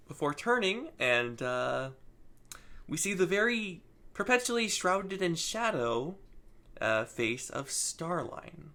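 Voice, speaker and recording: A man co-hosting a casual comic book chat, recapping in a halting way full of fillers. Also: fairly high pitch, very animated, bright, forceful tone. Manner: halting, lots of fillers and laughs. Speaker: comic book podcast co-host.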